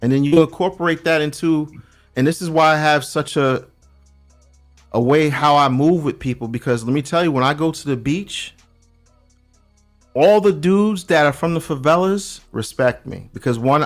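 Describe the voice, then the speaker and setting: A man from New York with a New York accent, chatting casually as a guest and telling animated stories in loose slang. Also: fairly high pitch, normal speed, faint music behind. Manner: animated storyteller, acts out quoted voices, loose slangy talk. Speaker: podcast guest. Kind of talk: casual chat. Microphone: remote call.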